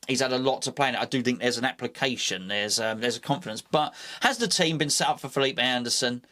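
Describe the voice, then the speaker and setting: Male fan-channel host, slightly high voice, loose rambling delivery, self-deprecating asides. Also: a bit bright. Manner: rambling, self-mocking, many fillers and restarts. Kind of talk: casual solo commentary.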